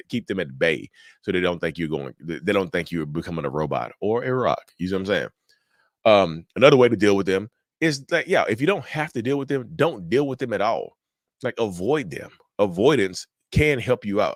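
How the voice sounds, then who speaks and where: Man, deep-ish voice, dry close sound; casual, direct advice host. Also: no echo. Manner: direct, repetitive, addresses viewers as y'all. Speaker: mental health channel host.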